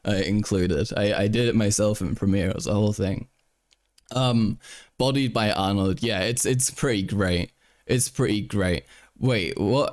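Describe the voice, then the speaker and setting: A man's voice: fairly low pitch, darkish tone. A young man hosting a live stream in casual chat, rambling, swearing, and restarting his sentences while reading headlines aloud. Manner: rambling, profane, frequent restarts. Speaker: livestream host.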